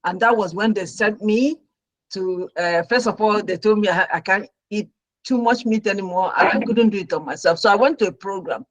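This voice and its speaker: Middle-aged female guest, nurse, dramatic storyteller, dry voice, mid pitch. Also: moderate pace, dry recording, low-quality recording. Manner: animated storyteller who acts out her own past reactions. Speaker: talk show guest, registered nurse. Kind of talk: personal story told on a talk show.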